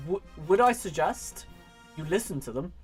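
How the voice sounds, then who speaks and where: A man's voice: sits high, animated, normal speed, faint music behind. Rambling man streaming a strategy game. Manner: rambling, self-interrupting, giggly. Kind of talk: casual gameplay commentary.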